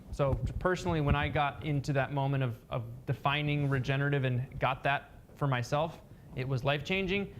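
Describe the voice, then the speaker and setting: A man's voice: on the high side, slight background noise. A man teaching a class, encouraging and upbeat as he calls on students. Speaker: class instructor. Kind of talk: leading an online class.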